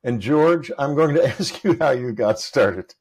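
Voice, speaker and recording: A man hosting an interview, leading into questions with relaxed jokes. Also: mid-range voice, a little slow, husky. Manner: relaxed, joking lead-ins to questions. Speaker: host.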